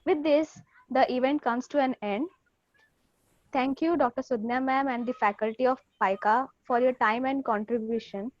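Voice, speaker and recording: A young woman hosting a college event, reading upbeat, formal announcements and thanks. Her voice is a little high. The recording is dull and lo-fi, with a dry sound. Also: moderate pace, no echo. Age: young adult. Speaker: event host.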